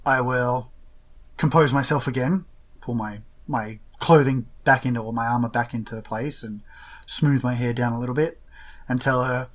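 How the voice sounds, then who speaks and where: A man's voice: mid-range voice, steady tone, moderate pace. A man playing a tabletop game who talks hesitantly, thinking aloud with fillers. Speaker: player.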